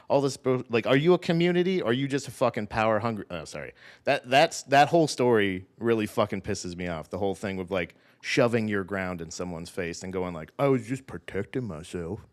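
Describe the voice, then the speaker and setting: A man co-hosting a podcast in casual chat. He talks in a heated, rambling way and swears a lot. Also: on the low side. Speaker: podcast co-host.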